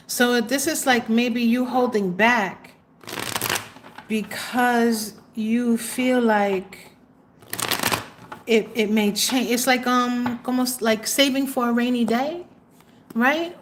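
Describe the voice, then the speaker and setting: A woman's voice: fairly high pitch, slight background noise. Chatty woman doing a live tarot reading. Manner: chatty, exclamatory, trails off with fillers. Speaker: tarot reader and livestream host.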